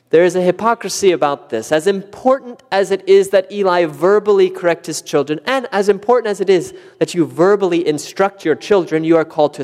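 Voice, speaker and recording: Male pastor, fairly high voice, animated sermon delivery in a long-reverb sanctuary. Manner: animated, acts out quoted questions with rising pitch.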